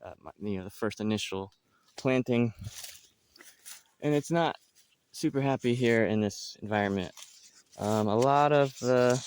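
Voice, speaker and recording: A man's voice: mid-range voice, a little slow, pauses often, darkish tone, a little hiss or hum. A man giving a casual outdoor tour of his farm, talking loosely with many fillers and restarts. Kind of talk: casual walking tour narration.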